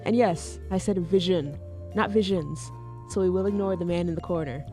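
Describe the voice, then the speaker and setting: A woman's voice: fairly low pitch, normal speed, warm tone. A woman host reading the show's scripted intro, with teasing, joking asides between the lines. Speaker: podcast host. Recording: faint music behind.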